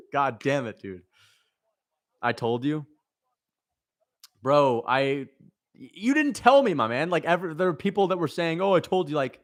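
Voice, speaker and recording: A man's voice: mid-range voice, no echo, clean studio sound. A young man hosting a livestream, reacting and reading chat messages, frustrated and swearing, repeating himself as he vents.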